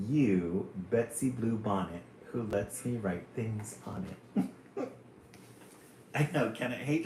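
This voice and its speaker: Man host reading kids' poems on a stream, slow and lowish, echoey room. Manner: slow, playful, chuckling between poems. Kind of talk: reading children's poems aloud on a live stream. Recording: roomy room, faint hum.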